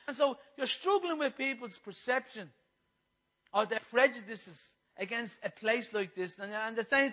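Male preacher, high voice, impassioned sermon, repeats himself, loud then hushed. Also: moderate pace, poor audio.

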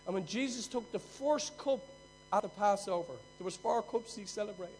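A man's voice: sits high, normal speed, darkish tone, soft background music, rough recording. A man preaching a sermon as pastor, building emphasis by repeating his key phrases. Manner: emphatic, repetitive preaching cadence.

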